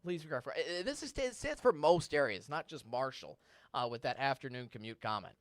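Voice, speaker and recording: A man doing a live weather Q&A from a TV studio, chatting casually through viewer questions and now and then hunting for a word. His voice is smooth and clear, mid-pitched, and recorded close with no room sound. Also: lively intonation, normal speed, dry recording. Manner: conversational, reads viewer questions aloud; stumbles and restarts when searching for words. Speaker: meteorologist. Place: TV station studio.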